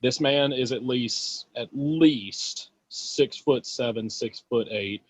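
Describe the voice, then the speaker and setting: A man in casual podcast chat, telling an anecdote in an animated way. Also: medium pitch, slow pace, breathy edge, dry recording.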